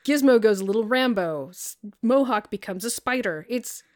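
A woman co-hosting a casual podcast chat, retelling scenes in a lively, animated way. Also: fairly high pitch, moderate pace. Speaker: podcast co-host.

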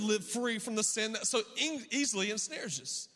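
Hoarse, high-voiced preacher man. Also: a little fast, hardly any pauses, bright, forceful tone, in a large hall. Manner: rhythmic preaching with call-outs to the congregation. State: hoarse, voice worn from yelling. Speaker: pastor. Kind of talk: sermon.

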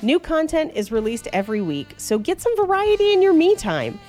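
A woman's voice: high-pitched, brisk, soft background music. A woman co-hosting a podcast, chatting casually with swearing and reading an ad. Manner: lively, irreverent, swears freely. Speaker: podcast co-host. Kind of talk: casual chat and read ad.

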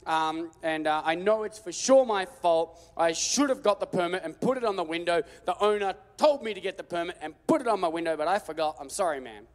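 A man preaching a sermon, telling a story with lively jokes and acted-out voices. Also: high-pitched, brisk, hardly any pauses. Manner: animated, joking storytelling with acted-out quotes. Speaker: pastor. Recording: long hall reverb.

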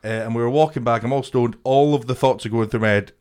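A man's voice: medium pitch, fast, a little mellow, clear, resonant tone. A young man co-hosting a podcast, telling a story with lots of laughter and acted-out voices. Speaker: podcast co-host. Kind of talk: casual chat.

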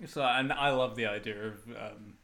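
A man's voice: fairly low pitch, moderate pace, creaky, pushed and bright. A young adult man co-hosting a podcast, teasing and dry in casual chat as he reads out figures. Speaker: podcast co-host.

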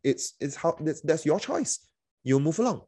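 A man's voice: fairly high pitch, big pitch swings, moderate pace, dark tone, slightly rough, dry recording, clean studio sound. A middle-aged man, a pastor preaching a sermon in a casual, conversational way, with many fillers and restarts and playful quoted voices.

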